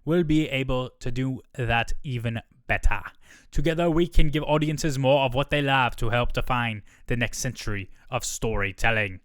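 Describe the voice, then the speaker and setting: Self-assured male exec with a put-on drawl, a podcast host doing the voice, smooth and dry. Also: medium pitch, normal speed, dry recording, lightly acted. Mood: confident. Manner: mock drawling impression of a corporate boss.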